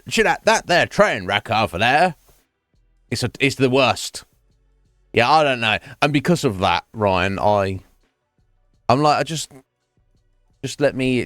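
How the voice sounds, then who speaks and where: A man chatting casually with his stream viewers, rambling and self-mocking, with plenty of swearing. His voice sits low but leaps around in pitch as he gets going. Faint music plays behind the dry, close sound. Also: a bit bright, dry recording.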